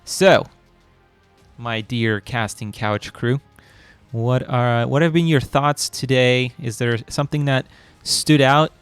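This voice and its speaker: A man hosting a live esports cast in a relaxed, chatty way, laughing easily with his co-casters. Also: medium pitch, measured pace, clear, resonant tone, no room sound, faint music behind. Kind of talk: casual live-stream casting chat.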